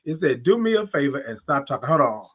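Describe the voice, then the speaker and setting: A man's voice: medium pitch, big pitch swings, fast talker, fairly bright tone, husky. A man with a Southern US accent hosting a casual live stream, cheerfully greeting viewers by name and stretching out his good mornings. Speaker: live show host.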